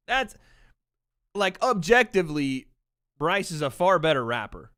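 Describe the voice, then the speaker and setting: A man's voice: fairly high pitch, big pitch swings, a little slow, long pauses, bright, forceful tone, no echo, clean studio sound. A man hosting a livestream watch party in casual chat, brash and opinionated, swearing freely.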